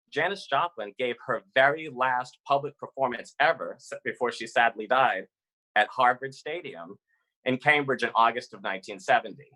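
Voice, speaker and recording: A man from Massachusetts telling a personal story live over a video call, animated and chatty with fillers. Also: mid-range voice, poor audio.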